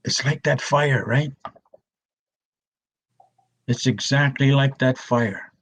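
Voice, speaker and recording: An older man, an elder telling stories in a gentle, slow way, often restarting his words, with a husky voice. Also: medium pitch. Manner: soft, slow and repetitive, with many restarts. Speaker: elder storyteller. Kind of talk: gentle storytelling talk.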